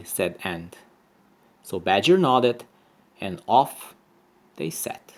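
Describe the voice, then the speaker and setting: A man reading a children's story aloud for primary pupils, expressive and lively. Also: fairly low pitch, slow pace, long pauses. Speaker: storyteller, teacher.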